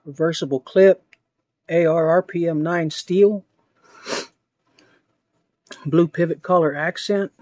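Slow-talking man unboxing knives, awestruck. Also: fairly high pitch, dry recording. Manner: slow, excited, awestruck exclamations. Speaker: knife collector vlogger. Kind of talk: unboxing narration.

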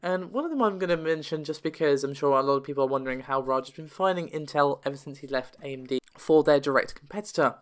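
A man hosting a solo tech news show, talking quickly and chattily, his voice still a bit worn from being under the weather. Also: on the high side. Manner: quick, chatty, reads figures aloud with self-corrections.

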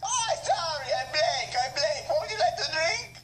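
A man voicing a weird, forgetful male waiter who keeps repeating himself in a squeaky voice. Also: very animated, normal speed, fairly bright tone, a little hiss or hum, exaggerated voice. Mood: spacey.

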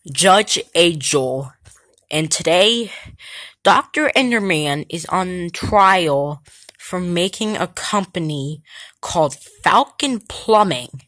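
A woman's voice: fairly low pitch, fairly bright tone, dry recording. A woman playing Judge Angel, a formal judge. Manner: announcing, formal. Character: formal male courtroom judge.

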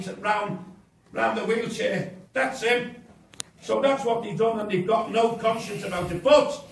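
At a campaign meeting in an inn's function room, an older man with a high, slightly bright voice tells his own story to the audience, impassioned and blunt, acting out the dialogue. A camera in the crowd picks him up from far off in the echoey room, with a little hiss or hum.

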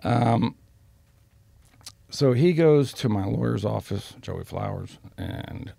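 A man's voice: medium pitch, lively intonation, slow pace, gravelly, warm tone, dry recording. A man telling street stories as a podcast guest, blunt and full of profanity. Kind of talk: storytelling in a casual interview.

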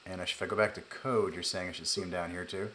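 A man's voice: deep voice, fairly even intonation, fast talker, fairly bright tone, a little hiss or hum. A man with a nasal voice, hosting a live coding stream in a chatty, joking way and narrating each step. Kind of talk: casual live coding chat.

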